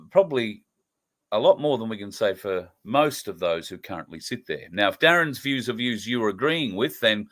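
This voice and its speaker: Brief: middle-aged Australian male host, lowish voice, earnest, emphatic political monologue with plenty of uhs. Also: fairly bright tone. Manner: earnest, emphatic, with frequent fillers.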